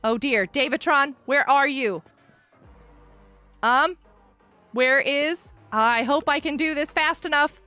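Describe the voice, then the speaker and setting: A woman live-streaming a block-building game, excitedly chatting with viewers and cheering players on. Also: high voice, slow, long pauses, no echo, soft background music. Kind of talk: live Minecraft stream chat.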